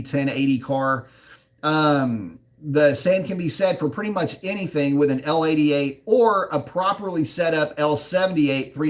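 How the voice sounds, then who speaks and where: A man hosting a live chat, answering viewer questions in a rambling, frank way with many fillers and restarts. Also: on the high side.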